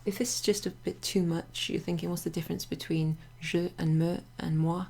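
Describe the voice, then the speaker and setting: A woman explains French pronouns in a loose, chatty way, pausing with fillers and wandering into asides. Her voice is low, dark and mellow, with a gravelly, husky edge. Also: steady tone. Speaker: French teacher. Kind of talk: casual explanatory lesson. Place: home near a greenhouse.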